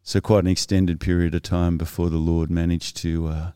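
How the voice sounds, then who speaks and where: Deep-voiced man, reflective and halting. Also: flat delivery, warm tone, smooth, no room sound. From Australia. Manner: reflective, halting, with frequent restarts and fillers. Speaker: podcast guest. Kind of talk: casual personal storytelling.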